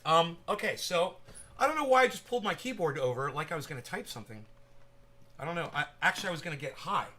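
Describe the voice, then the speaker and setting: A man chatting on a livestream in a high, bright voice that has a forceful edge. He rambles from point to point, swears freely and calls out to viewers by name as they type in chat. It is loose, unscripted talk. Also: big pitch swings, quick pace. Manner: rambling, profane, talks straight to viewers in chat. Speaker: livestream host.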